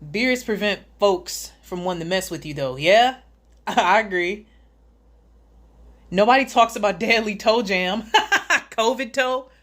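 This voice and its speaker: A mid-range female voice, a little slow, belongs to a casual livestream host. She reads the chat aloud and greets viewers by name, often laughing as she makes sarcastic jokes.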